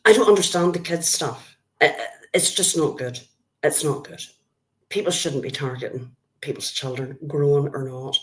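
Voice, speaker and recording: A woman's voice: low-pitched, moderate pace. An older Irish woman hosting a live stream, chatting bluntly with her viewers and greeting them by name. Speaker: livestream host. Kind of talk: casual live-stream chat.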